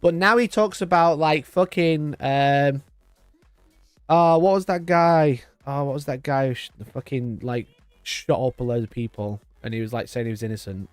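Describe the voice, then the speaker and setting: Over soft background music, a livestream host in his twenties chats casually, rambling, cursing and laughing frequently. He speaks at a medium pitch and moderate pace, with no echo on the recording.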